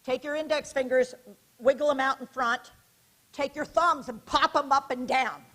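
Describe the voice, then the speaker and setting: High-voiced woman leading an animated lecture. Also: normal speed. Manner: animated, directive, asks the audience questions and leads hand gestures. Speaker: keynote speaker. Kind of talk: interactive conference lecture. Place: conference hall stage.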